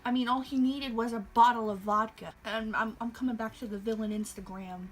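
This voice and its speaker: A woman's voice: on the high side, fairly quick. A young woman vlogger delivering an exasperated, sarcastic movie review rant, sounding a little tired. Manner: sarcastic, exasperated, animated ranting.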